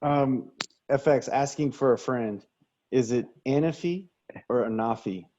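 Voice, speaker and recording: A man's voice: medium pitch, steady tone, a little slow, dark tone, lo-fi sound, a little hiss or hum. A man on a panel cracking wry jokes in casual banter.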